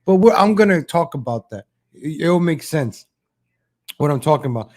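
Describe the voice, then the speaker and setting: A man hosts a political commentary livestream in a somewhat higher voice. He rambles and makes sarcastic asides, restarting his sentences often. He keeps addressing his viewers as "ladies and gentlemen.". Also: expressive, normal speed. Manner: mocking mimicry of politicians in a higher voice. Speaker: host of a political commentary show.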